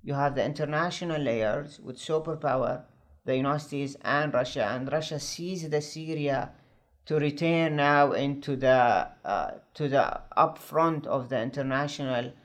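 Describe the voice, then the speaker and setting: A male political commentator in a news discussion, earnest and halting as he searches for words. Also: mid-range voice.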